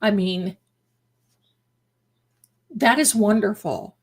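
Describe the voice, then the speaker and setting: A woman's voice: medium pitch, extremely slow, slightly rough. A middle-aged woman hosting a livestream, chatting casually and emphatically with her viewers, repeating phrases for effect and calling them her darlings. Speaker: livestream host.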